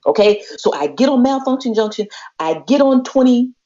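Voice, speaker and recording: Animated woman telling a story. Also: on the high side, normal speed. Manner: animated, acts out quoted voices. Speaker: podcast co-host. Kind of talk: casual storytelling chat. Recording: slightly muffled lo-fi audio.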